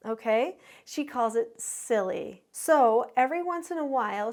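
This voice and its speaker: Middle-aged woman, slightly high voice, clear explainer, parenting teacher. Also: animated, unhurried. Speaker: parenting educator. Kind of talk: instructional talk to parents.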